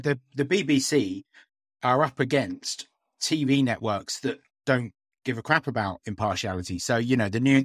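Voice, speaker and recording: A man's voice: medium pitch, no room sound, clean studio sound. A man co-hosting a podcast in casual chat, talking hesitantly with lots of fillers and restarts. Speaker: podcast co-host.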